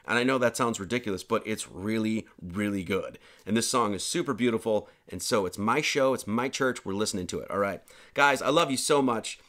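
A man's voice: fairly low pitch, a little fast, a bit bright. A man, the pastor and host, rambling through casual closing announcements of an online sermon, joking around with lots of fillers and restarts.

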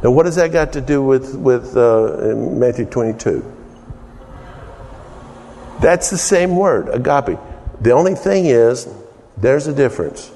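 Slow low-voiced preacher guy, mellow tone, folksy and jokey, long hall echo. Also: animated, a little hiss or hum. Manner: folksy, jokes with congregation; repeats words, restarts often. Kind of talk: sermon teaching.

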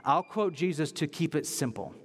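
A man's voice: fairly high pitch, expressive, normal speed, husky, in a large hall. A man giving a sermon as a preacher, talking in an emphatic, conversational way and driving points home by repeating them.

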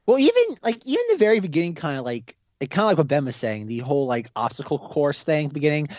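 Animated sarcastic man, fairly high voice. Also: quick pace, no room sound, highs cut off. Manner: animated, sarcastic, heavy use of "like". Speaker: podcast co-host. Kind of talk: casual film review chat.

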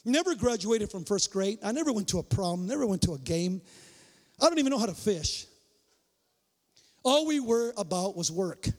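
Male pastor, very high voice, lively storytelling sermon with shouted peaks, reverberant church hall. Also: normal speed, long pauses. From Mexican-American migrant family. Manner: animated, acts out dialogue, shouts for emphasis. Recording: long reverb of a large hall.

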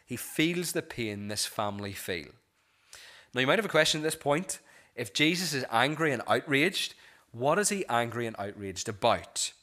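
A male pastor preaching a sermon in an earnest way, slowing and softening on key phrases and often restarting with repeated words. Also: mid-range voice, expressive.

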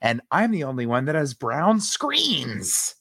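A woman co-hosting a podcast, with a fairly low voice for a woman, who rants bluntly and then reads a news story aloud. The recording is dry and close. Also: very animated, takes it slowly, fairly bright tone, breathy edge, dry recording. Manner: blunt, exasperated ranting. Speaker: podcast co-host. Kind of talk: casual chat and reading a news story.

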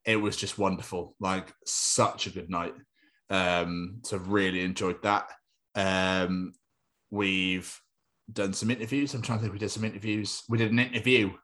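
A young man in his twenties chats casually as a podcast co-host. His voice sits low, and he rambles in a jokey way. He drifts into silly put-on voices now and then. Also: flat delivery, moderate pace, a bit bright. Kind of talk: casual chat.

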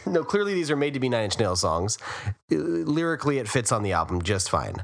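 A man hosting a music podcast who chats easily, speaks to the listeners as fans and thinks out loud. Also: medium pitch, big pitch swings, brisk, vocal fry. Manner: chatty, addresses the listeners as fans. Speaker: podcast host. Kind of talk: casual podcast chat about music.

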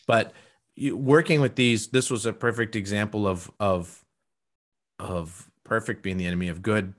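A middle-aged man with a fairly low voice, chatting casually as a host. He talks with eager enthusiasm in long, rambling stretches, often restarting his sentences. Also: fairly even intonation, moderate pace. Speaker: podcast host and professional artist. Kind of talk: casual conversation.

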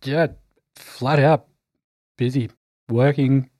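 A man's voice: medium pitch, fairly even intonation, slow pace, mellow, no room sound, studio quality. A man chatting casually on a podcast, laid-back and rambling, with frequent swearing. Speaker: podcast regular, game player.

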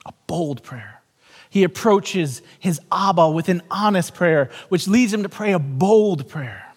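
An earnest male pastor in his forties preaches in a church, repeating his key phrases and telling stories. His voice sits high for a man. A long reverb from the hall trails behind him. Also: measured pace, husky. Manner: repetitive, earnest, storytelling. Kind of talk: sermon.

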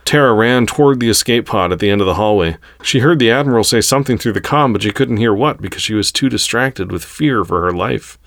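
Deep-voiced male story narrator. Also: lively intonation, brisk, few pauses, fairly bright tone, no echo.

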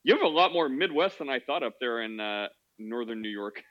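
A man's voice: medium pitch, animated, fairly quick, lo-fi sound. A man hosting a casual chat, rambling and joking. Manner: rambling, joking, laughs often.

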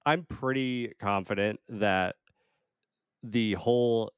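A man co-hosting a podcast in casual chat, relaxed and halting, often repeating words as he starts. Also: lowish voice, smooth, no echo, clean studio sound. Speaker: podcast co-host.

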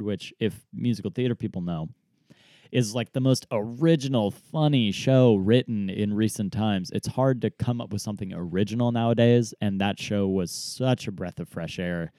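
Low-voiced young man telling a story. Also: no room sound, studio quality. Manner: animated storyteller, acts out quoted people, laughs often. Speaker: podcast co-host. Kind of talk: casual storytelling chat.

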